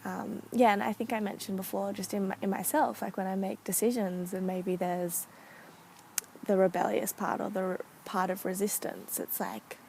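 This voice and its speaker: Soft-spoken woman with vocal fry. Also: medium pitch, level tone, slight background noise, low-quality recording. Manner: soft-spoken, thoughtful, many pauses and fillers. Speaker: speaker sharing a therapeutic practice. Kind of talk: casual reflective talk to camera.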